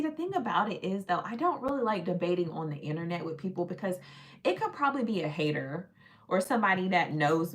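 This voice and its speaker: A woman hosting a casual livestream, talking in an animated, sassy, teasing way. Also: on the low side. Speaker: livestream host.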